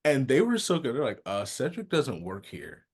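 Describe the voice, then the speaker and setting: A man co-hosting a podcast, telling funny stories in a lively, animated way. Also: mid-range voice, moderate pace, slightly rough. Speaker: podcast co-host. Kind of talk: casual chat, storytelling.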